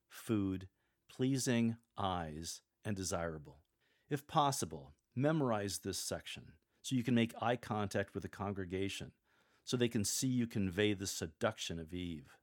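Low-pitched male host, deliberate and emphatic coaching delivery with a playful streak. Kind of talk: instructional podcast on scripture reading.

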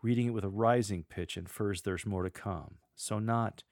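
A middle-aged man teaching church lectors how to proclaim a reading, measured and deliberate, pausing to model the lines. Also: on the low side, darkish tone, no echo, faint music behind. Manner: measured, demonstrates readings aloud with deliberate pauses. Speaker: lector coach. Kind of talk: instructional podcast on scripture reading.

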